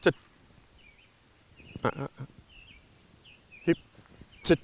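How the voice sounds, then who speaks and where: In his home kitchen, a middle-aged dog trainer explains things casually and conversationally for an instructional vlog, breaking off to give a dog short, firm commands. He speaks very slowly in a fairly bright tone, on a dry recording.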